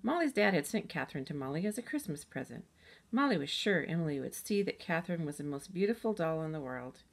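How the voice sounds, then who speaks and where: A woman reads a children's chapter book aloud in a steady, gentle storytelling manner. Her voice sits a little low. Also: quick pace. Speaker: storybook reader.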